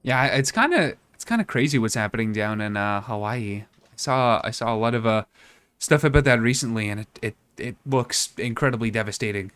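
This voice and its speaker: A man's voice: mid-range voice, animated, fairly quick, fairly bright tone, smooth, no echo. A man streaming a game as a VTuber, chatting casually with a hesitant, musing delivery full of restarts. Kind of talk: casual let's-play commentary.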